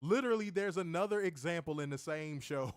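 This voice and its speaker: A man's voice: fairly high pitch, expressive, fairly quick, clear, resonant tone, dry recording, studio quality. A man co-hosting a wrestling review show in loose, profane casual chat, laughing often as he tells stories. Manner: loud, profane storyteller who laughs often.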